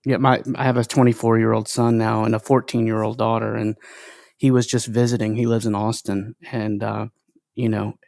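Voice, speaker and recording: A man's voice: fairly low pitch, flat delivery, normal speed, gravelly, no room sound. Reflective male podcast host, dry sound. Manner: warm affirming interjections, reflective. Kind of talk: casual interview chat.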